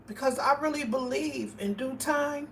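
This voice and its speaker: A woman's voice: high-pitched, normal speed, creaky, distant mic. Emphatic woman livestreaming, a bit off mic. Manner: emphatic storytelling, addresses viewers directly. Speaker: livestream host. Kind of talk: casual livestream talk to viewers. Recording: voice a bit off mic, faint background noise.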